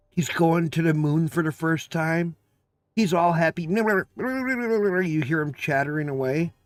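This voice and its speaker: A man's voice: on the high side, no echo. A man chatting casually on a live stream, emphatic and profane, ranting with exasperation.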